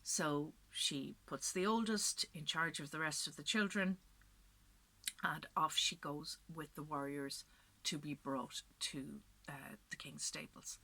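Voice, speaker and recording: A woman's voice: low voice, steady tone, takes it slowly, pushed and bright, slightly rough. A woman storyteller narrating a legend expressively, building to dramatic peaks and dropping to whispers.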